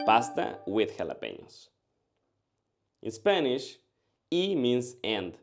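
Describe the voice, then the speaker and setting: Male language tutor, slow deliberate delivery, animated pitch, scripted lesson read. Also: faint music behind. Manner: slow, carefully enunciated drilling of phrases. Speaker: language teacher.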